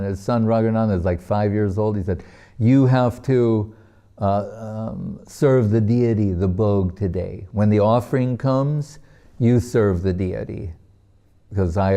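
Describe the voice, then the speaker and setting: Slow, dark-voiced man teaching. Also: on the low side, gravelly. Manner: gentle, unhurried, with frequent soft laughs. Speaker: spiritual teacher. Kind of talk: devotional class storytelling.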